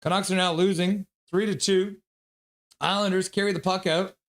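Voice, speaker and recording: A man's voice: sits high, fairly even intonation, normal speed. A man hosting a live stream, calling hockey play-by-play in a casual, chatty way and joking with chat between calls.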